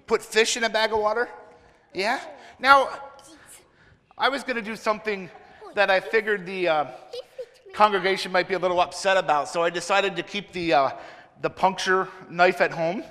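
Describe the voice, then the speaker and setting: A man's voice: high-pitched, fairly even intonation, normal speed, long pauses, bright, forceful tone. A man giving a children's sermon in a church, playfully asking the children many questions. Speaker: children's minister. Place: church sanctuary. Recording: reverberant church hall.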